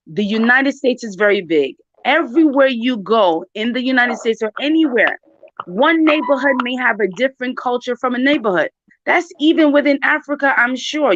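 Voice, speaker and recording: A woman from New York hosts a channel, speaking emphatically and directly to her viewers in casual chat. Her voice is mid-range and a bit bright, and the recording is dry, dull and lo-fi with no room sound.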